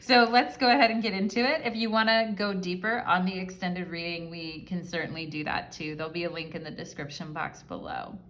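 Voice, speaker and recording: A woman with a fairly low, slightly bright voice talks briskly with few pauses as she gives a casual pick-a-card tarot reading. Her delivery is chatty and affectionate, aimed directly at her viewers and full of fillers.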